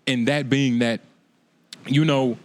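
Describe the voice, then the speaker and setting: A man's voice: mid-range voice, slow. A man hosting a podcast, chatting casually and rambling through his points with many restarts. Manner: rambling, restarts thoughts, animated storyteller. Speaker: podcast host. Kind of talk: casual chat.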